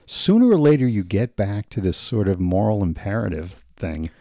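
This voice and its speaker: A man co-hosting a podcast, chatting casually and tossing in quick jokes and questions. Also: on the low side, big pitch swings, dark tone, no echo, studio quality. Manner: quick, joking interjections and questions. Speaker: podcast co-host.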